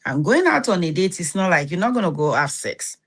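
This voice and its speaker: A woman's voice: fairly low pitch, big pitch swings, fairly quick, breathy edge. Blunt Nigerian woman giving self-help advice. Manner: blunt, scolding advice with rhetorical check-ins. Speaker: host. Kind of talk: motivational self-help talk.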